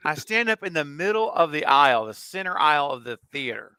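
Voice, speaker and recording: Animated man telling a story. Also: fairly high pitch, moderate pace, smooth, no room sound. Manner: animated storyteller, laughs often. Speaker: co-host. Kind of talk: casual livestream storytelling.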